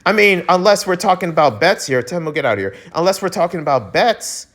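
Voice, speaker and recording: Animated ranting Filipino-American man. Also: high-pitched, a little fast. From United States. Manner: animated, ranting, frequent restarts and exclamations. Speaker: breakdancing news vlogger. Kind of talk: casual ranting commentary.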